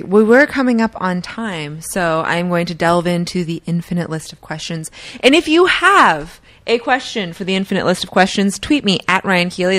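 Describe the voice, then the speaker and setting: A woman's voice: lowish voice, a bit bright. A young woman hosting a podcast, playful and giggly as she asks her guest questions. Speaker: podcast host. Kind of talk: casual chat.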